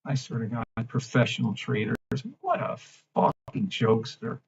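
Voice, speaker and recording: A man hosting a trading livestream, ranting in a brash, mocking, profane way and swinging between loud outbursts and low mumbling. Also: normal speed, creaky, hardly any pauses, highs cut off, a little hiss or hum. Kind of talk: live-stream rant and chart reading.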